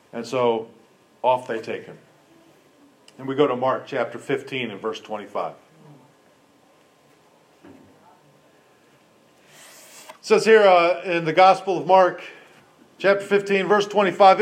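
A male pastor with a high-pitched voice preaches in an animated, conversational way. He retells scripture like a story and puts questions directly to his listeners.

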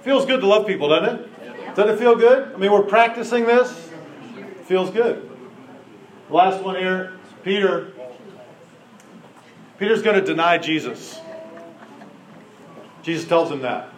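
A man preaching informally to a group, animated and laughing as he acts out quotes. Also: high-pitched, a little slow, pauses often. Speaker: pastor leading a group exercise. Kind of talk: informal sermon with group participation. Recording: roomy echo.

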